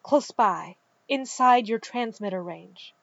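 Woman reader doing a reckless, easygoing young man, slow-spoken, dull dry recording. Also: on the high side, animated, no echo, full character voice. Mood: urgent.

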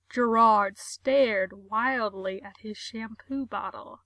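Wry woman story reader, unhurried, higher and bright. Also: dry recording. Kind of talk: reading a comic story aloud.

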